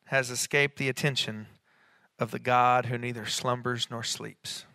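A middle-aged man preaching a sermon as a pastor, conversational, with quick asides and rising emphatic peaks. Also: mid-range voice, level tone, vocal fry, pushed and bright, no room sound, studio quality.

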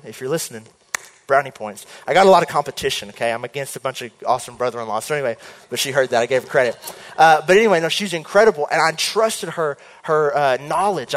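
A young man telling a long personal story in a sermon, chatty and animated, often acting out what people said. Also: a little high. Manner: animated, chatty, jumps into quoted voices. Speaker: preacher. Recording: hall reverb.

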